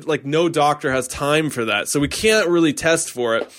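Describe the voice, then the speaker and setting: A man's voice: fairly high pitch, normal speed, hardly any pauses, fairly bright tone. Casual conversational male podcast host. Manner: casual, conversational, filler-heavy. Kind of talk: podcast interview.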